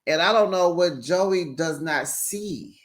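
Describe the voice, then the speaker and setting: Sassy, chatty Bay recap host. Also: takes it slowly. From San Francisco Bay Area. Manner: chatty and sassy, with big pitch jumps. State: tired. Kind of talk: casual recap commentary.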